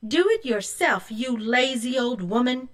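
A woman's voice: high-pitched, very animated, unhurried, a bit bright, pitched above the performer's own voice, heavily acted. Storybook brat, a bossy greedy girl with a raised, snippy voice, put on by a woman reader. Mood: rude. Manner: snippy, demanding. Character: rude greedy bratty young girl.

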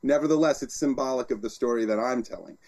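A man, an author and guest, talking in an interview as an animated storyteller with frequent restarts. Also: medium pitch, quick pace, creaky. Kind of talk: interview conversation.

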